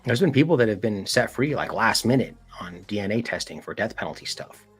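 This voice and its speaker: A man's voice: lowish voice, brisk, breathy edge, faint music behind. A man hosting a casual livestream chat, talking emphatically with lots of "like" and "dude". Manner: animated, emphatic, heavy use of "like" and "dude". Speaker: podcast host.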